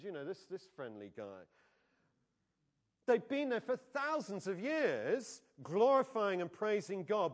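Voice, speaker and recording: Man preaching a lively, chatty sermon, fairly high voice, often turns questions on the congregation. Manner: animated, conversational, asks the congregation questions. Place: church.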